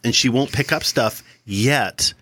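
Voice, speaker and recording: A man's voice: mid-range voice, takes it slowly, sharp tone, no room sound. A man co-hosting a casual podcast with his wife, teasing her and joking around with casual swearing. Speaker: podcast co-host. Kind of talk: casual chat.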